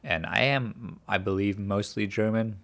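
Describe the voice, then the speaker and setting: A woman host with an unusually deep, low voice, chatting casually on a podcast. She asks pointed questions and drops dry asides. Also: measured pace, fairly bright tone. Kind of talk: casual chat, interviewing.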